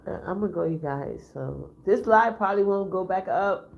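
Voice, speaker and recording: A woman's voice: medium pitch, normal speed, vocal fry, highs cut off. A middle-aged woman crying through an upset, rambling livestream talk. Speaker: livestream host.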